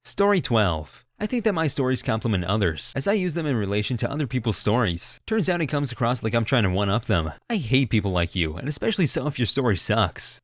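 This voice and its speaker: A man reads online stories at a brisk clip, his voice rising and falling in lively swings. His delivery is wry, and he slips into quoted voices now and then. The sound is dry and close, with no room around it. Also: medium pitch, dry recording. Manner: quick, animated, wry, jumps into quoted voices. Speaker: narrator. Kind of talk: reading online stories aloud.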